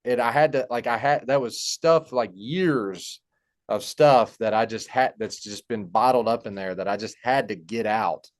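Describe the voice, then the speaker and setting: Halting, heartfelt young man. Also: mid-range voice. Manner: halting and heartfelt, many fillers and restarts. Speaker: podcast guest. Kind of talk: personal story in casual conversation.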